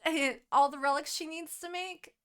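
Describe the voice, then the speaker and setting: Animated young woman recapping a book. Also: high voice. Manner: animated, swearing, laughing, quick quoted asides. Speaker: podcast co-host. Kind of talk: casual book recap chat.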